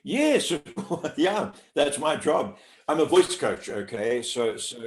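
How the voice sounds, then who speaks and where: A male voice coach answers interview questions, carefully demonstrating vowel sounds. His pitch swings widely as he makes his points. The recording carries a noticeable room echo. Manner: clear, deliberate teacher's delivery, stretching out sounds to demonstrate. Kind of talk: interview answers, explaining pronunciation. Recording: echoey room.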